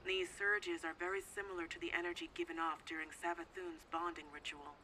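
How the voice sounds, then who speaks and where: A woman playing a crisp, businesslike female mission briefer in a fan audio drama, speaking matter-of-factly. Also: on the low side, little pitch movement, brisk, pushed and bright, a little hiss or hum, poor audio.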